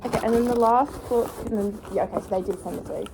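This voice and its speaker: A bubbly woman chatting to camera in a rambling, excitable way. Her voice sits a little high, with a faint hum of noise behind her. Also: fast. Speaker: vlogger. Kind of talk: casual chat.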